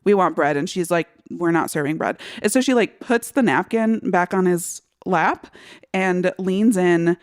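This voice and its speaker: A woman's voice: on the low side, normal speed, few pauses. A woman co-hosting a podcast, chatting casually about a film and acting out scenes with lots of laughter. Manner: animated retelling, acts out lines, laughs often. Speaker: podcast co-host. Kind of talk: casual movie chat.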